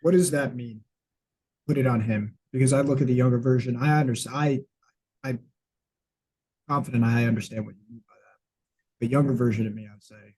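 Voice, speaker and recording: A man hosts a podcast and asks thoughtful questions in a relaxed conversation. His voice is husky and sits at a middle pitch. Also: brisk, pauses often, poor audio. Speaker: podcast host. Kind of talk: conversational interview.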